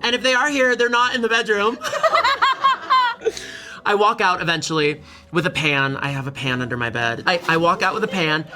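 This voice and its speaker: A man talking as a guest in a casual chat, telling stories in an animated way and laughing often. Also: high voice, moderate pace, long pauses, noisy background.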